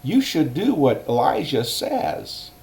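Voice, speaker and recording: A man's voice: medium pitch, big pitch swings, takes it slowly, a little mellow, pitched above the performer's own voice. A man voicing a loyal servant who earnestly pleads with his master. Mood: pleading. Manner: pleading, persuasive.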